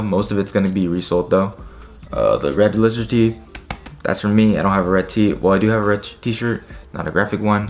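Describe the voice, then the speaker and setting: A young man talking casually to his viewers, frustrated and swearing a lot as he tries to buy clothes online. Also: deep voice. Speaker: streetwear vlogger. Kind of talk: casual live commentary.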